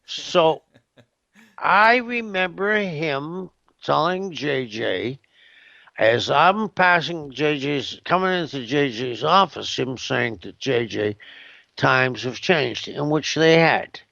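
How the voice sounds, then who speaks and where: A man telling stories in a casual interview, drawling slowly in a somewhat high, gravelly voice. He rambles and hesitates, tossing in "you know what I mean" often. The recording is dry and dull. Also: lively intonation, pushed and bright, dry recording. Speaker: interview guest.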